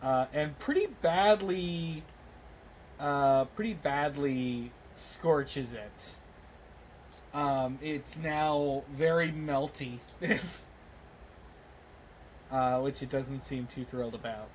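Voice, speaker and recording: A man running a tabletop game as game master, halting with many ums and uhs and often laughing. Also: medium pitch, slight background noise.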